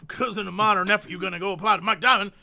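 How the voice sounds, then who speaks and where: Scornful drawling uncle, done by a man with a lowered voice; slangy and slow. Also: steady tone, gravelly, sharp tone, full character voice. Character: gruff uncle who looks down on a rival plumber.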